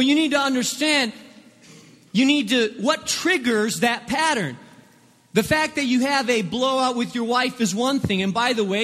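A man's voice: very high voice, sharp tone. A pastor preaching a sermon, stumbling and repeating words in bursts as he acts out quoted voices. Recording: long hall reverb.

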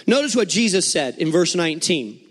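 A man preaching a sermon, explaining scripture and telling lively, humorous stories from his own life. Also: high voice, brisk, slightly rough, in a large hall. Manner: animated storytelling with humor. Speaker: pastor.

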